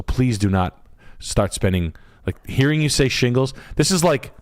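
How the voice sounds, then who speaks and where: A man's voice: medium pitch, expressive, normal speed, no room sound, clean studio sound. A man hosting a livestream, giving blunt, crude advice and swearing freely in casual chat. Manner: crude, joking, swears a lot. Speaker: host.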